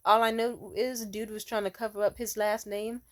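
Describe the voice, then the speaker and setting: A woman's voice: medium pitch, level tone, normal speed. Rambling young woman with a casual storytime. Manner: rambling, laughing often, many fillers and trailing restarts; blunt, swears freely. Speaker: vlogger.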